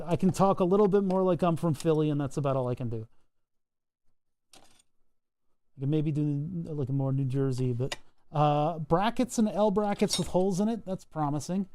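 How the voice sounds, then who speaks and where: A man chatting casually to his live-stream viewers while he tinkers with electronics at his workbench, relaxed and self-deprecating, chuckling often. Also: fairly high pitch, slight background noise. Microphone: wired microphone at his workbench.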